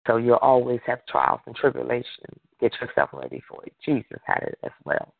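Preacher man on a prayer line, fervent and repetitive, gravelly, tinny phone sound. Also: mid-range voice, huge pitch swings, brisk, dry recording. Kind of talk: sermon.

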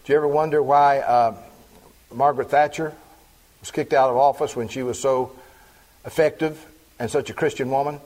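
A husky, slightly breathy male preacher of middle age delivers a sermon at a mid-range pitch. He reads a long scripture passage aloud, then slows down to lean hard on key points. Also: fairly even intonation, a little mellow. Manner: reads scripture aloud, then expounds with slow emphatic stresses. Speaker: pastor.

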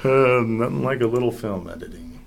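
Gravelly-voiced wry guest. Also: male voice, mid-range voice, fairly quick, a crowd in the background. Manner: wry, joking. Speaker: guest comedian. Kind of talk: casual studio chat. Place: studio.

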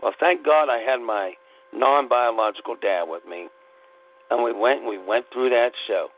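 A man's voice: medium pitch, moderate pace. A man hosting his own call-in talk show, delivering an emphatic, rambling solo monologue that often repeats itself. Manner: emphatic, repeats himself, digresses. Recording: tinny phone-line call-in broadcast.

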